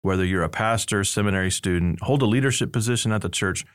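Playful low-voiced man hosting a podcast. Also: fast, clean tone. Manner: playful, laughs often, reads aloud with mock emphasis. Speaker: podcast host, seminary professor. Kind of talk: casual podcast banter, reading reviews.

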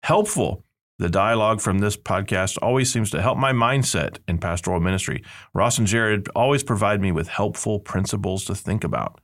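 A man's voice: on the low side, fairly quick, fairly bright tone. A man hosting a podcast in casual banter, reading out listener reviews with playful emphasis and frequent laughs. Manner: jokey, laughs often, reads quotes with mock emphasis. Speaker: podcast host, seminary professor.

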